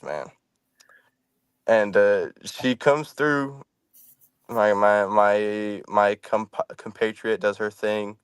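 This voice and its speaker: Low-voiced man telling a lively story. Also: clean tone, dry recording. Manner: animated, laughing storyteller who says "man". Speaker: scare actor guest. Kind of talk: casual podcast storytelling.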